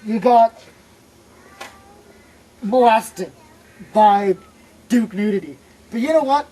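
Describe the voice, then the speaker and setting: Brief: woman, mellow dark tone, emphatic, reassuring. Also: a little high, slow, low-quality recording. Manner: emphatic reassuring pep talk. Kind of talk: improvised comedy web series.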